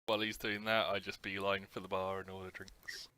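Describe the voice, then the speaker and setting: A man with a low, bright voice playing a tabletop game. He speaks politely and takes his time. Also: level tone, fairly quick. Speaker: player. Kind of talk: casual play at a tabletop game.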